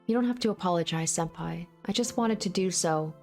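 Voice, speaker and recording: Woman reading a soft earnest young guy, lowish voice, faint music behind. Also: a little fast, natural voice. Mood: tender. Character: gentle young man, earnest and kind. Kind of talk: reading a visual novel aloud.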